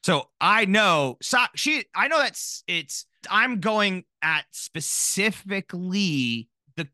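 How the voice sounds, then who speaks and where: A man in his thirties chatting on a podcast, his voice high and bright. He swings up and down with lively energy, joking at his own expense. The sound is close and dry. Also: slow pace, no room sound. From Minnesota. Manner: animated, jokey, self-deprecating. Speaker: podcast co-host. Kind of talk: casual chat.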